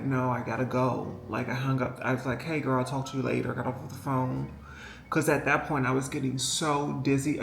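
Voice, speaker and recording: A woman's voice: a bass voice, fairly bright tone. Rambling emotional woman vlogger. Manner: rambling and emotional, many fillers, talks to viewers directly. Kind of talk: casual storytelling vlog. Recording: echoey room with faint music behind.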